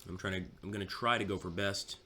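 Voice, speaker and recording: A man's voice: low-pitched, steady tone, quick pace, sharp tone, slight background noise. A man giving casual, chatty commentary over a strategy game, mocking himself now and then.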